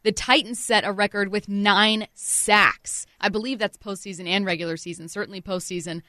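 A woman co-hosting a sports talk show, telling stories in a lively way with acted-out voices. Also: medium pitch, moderate pace, no room sound, clean studio sound. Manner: lively, acts out imagined conversations. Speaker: sports radio co-host.

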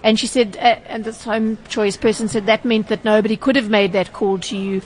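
A woman's voice: mid-range voice, little pitch movement, a little fast. A woman explaining consumer rules on radio, a little hesitant and full of fillers. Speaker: consumer journalist. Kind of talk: radio consumer advice chat.

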